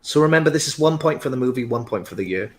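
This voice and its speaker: Quiz host, man, deliberate and steady, average pitch. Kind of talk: hosting an online quiz.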